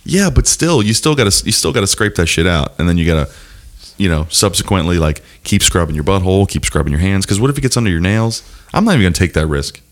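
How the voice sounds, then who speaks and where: A man co-hosting a podcast, trading crude jokes in casual banter with profane, lively delivery. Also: low-pitched, fast talker. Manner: profane, joking, animated. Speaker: podcast co-host.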